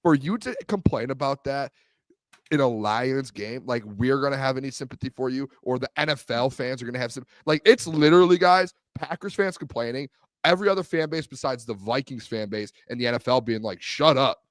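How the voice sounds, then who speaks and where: A man co-hosting a sports talk show, ranting in an animated way and repeating himself. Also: medium pitch, a little fast, no room sound. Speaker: co-host.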